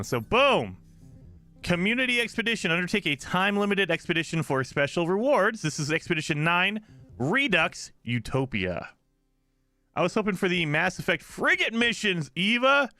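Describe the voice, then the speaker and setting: Tired but hyped gamer dude rambling to his chat, bright forceful voice, a lil music in the back. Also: fairly high pitch, no echo. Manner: excitable, rambling, talks to chat. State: exhausted from little sleep. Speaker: gaming streamer. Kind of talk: casual live stream chat.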